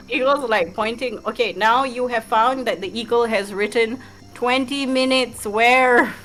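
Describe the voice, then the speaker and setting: A woman with a fairly high voice speaks slowly as a player in a tabletop game. She jokes and laughs through her turns, with faint music in the background. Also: expressive, a bit bright, poor audio. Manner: laughs a lot, playful joking. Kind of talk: casual tabletop banter.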